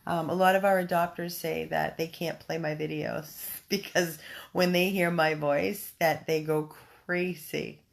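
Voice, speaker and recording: A woman who volunteers in dog rescue hosts a casual livestream from home on her phone, reading viewer comments and chatting effusively with lots of ums and restarts. Her voice is low and steady with vocal fry, and she speaks a little slowly.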